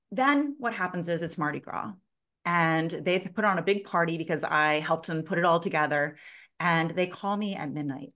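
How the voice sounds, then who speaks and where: A woman's voice: fairly low pitch, moderate pace. A woman in her thirties, a sales consultant telling stories in a casual interview, who acts out the people she quotes, swears freely and fills her talk with "like". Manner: animated, acts out quoted voices, heavy use of "like".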